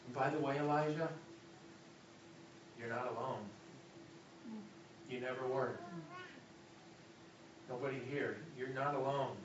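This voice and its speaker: A man's voice: mid-range voice, fairly even intonation, unhurried, pauses often, far from the mic, background noise. Man preaching in an echoey hall. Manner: dynamic preaching, drops to a soft hush for God's voice. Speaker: pastor. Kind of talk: sermon. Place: church hall. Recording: echoey, muffled hall recording from afar.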